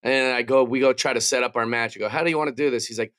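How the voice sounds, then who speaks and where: A man co-hosting a podcast, chatting casually and joking, slipping into quick mimicked bits of other people. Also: mid-range voice, steady tone, fairly bright tone, no echo, studio quality. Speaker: podcast co-host. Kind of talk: casual chat.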